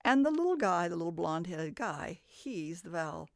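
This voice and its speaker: A woman leads a phonics lesson in a dry, close-sounding recording. She explains things patiently and step by step, lifting her voice to stress each sound she demonstrates. Her voice sits low with a gravelly edge. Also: big pitch swings, normal speed, dry recording. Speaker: reading teacher.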